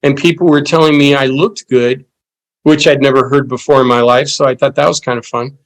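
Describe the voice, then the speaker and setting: A man who is a therapist, a guest on a podcast, calmly recounting his experience in a plain, matter-of-fact way. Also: medium pitch, a little fast, rough recording. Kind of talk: conversational interview.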